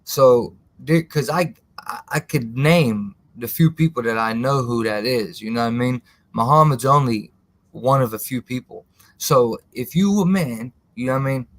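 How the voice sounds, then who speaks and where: A man's voice: medium pitch, normal speed, dry recording. A man hosting a live stream in casual, slangy talk, rambling and answering viewers in the chat by name.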